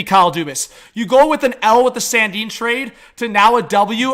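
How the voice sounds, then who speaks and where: A young man doing excitable, slangy live reaction commentary and talking straight to his chat as a livestream hockey commentator. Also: high voice, normal speed, few pauses.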